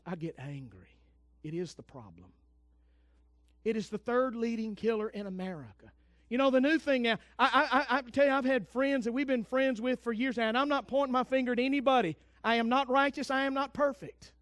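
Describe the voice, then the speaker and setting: A man preaching, his voice sitting strikingly high for a man. He delivers a fervent sermon, swinging from loud declarations down to hushed, intense asides. The recording is very dry, with no room sound at all. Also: fairly even intonation, a little fast, dry recording. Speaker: pastor.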